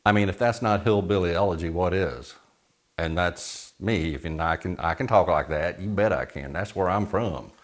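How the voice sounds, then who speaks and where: Bacon fries and sizzles as a Texas man shows off a recipe in his home kitchen, chatting with folksy humor. He speaks low and at a moderate pace, captured on a low-quality recording.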